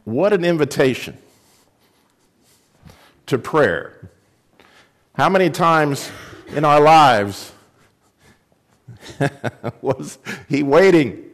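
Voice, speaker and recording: A pastor giving a sermon, reading a story aloud with reflective, storytelling delivery. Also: male voice, fairly high pitch, animated, very slow, pauses often.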